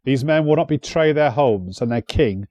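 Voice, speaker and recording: A man voicing a calm, principled bard speaking firmly in a storybook reading. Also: medium pitch, moderate pace, dry recording, pitched above the performer's own voice, close to an everyday voice.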